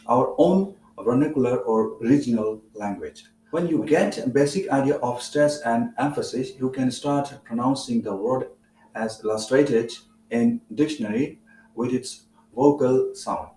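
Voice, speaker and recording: Indian-accented male tutor, mellow tone, mic off at a distance, roomy echo, light hum. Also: medium pitch. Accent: Indian English. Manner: measured, explanatory with frequent "uh" fillers. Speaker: English teacher. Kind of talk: spoken English lesson.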